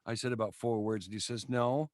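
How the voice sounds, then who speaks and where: A man's voice: fairly low pitch, fairly even intonation, fast, darkish tone, dry recording, clean studio sound. An older man co-hosting a podcast, telling wry, joking anecdotes in casual chat. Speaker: podcast co-host.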